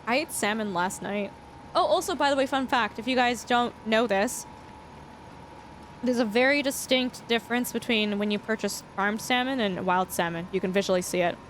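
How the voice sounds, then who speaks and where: A woman's voice: fairly high pitch, normal speed, a little hiss or hum. A woman streaming a farming game, chatting casually and reading chat aloud. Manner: chatty, reads chat aloud, laughs often. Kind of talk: casual livestream chat while gaming.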